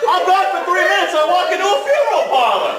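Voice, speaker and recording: An actor playing a blunt, sarcastic wisecracker, heard from afar in a very echoey hall over loud audience laughter. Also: male voice, extremely high pitch, big pitch swings, fast talker, recorded from a distance, a crowd in the background. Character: gruff, wisecracking slob of a man. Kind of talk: stage comedy acting.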